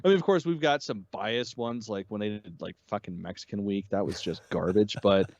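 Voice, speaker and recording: A man co-hosting a casual review chat, relaxed and swearing, hedging his points and laughing along. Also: on the low side, fairly quick, muffled recording. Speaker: podcast co-host.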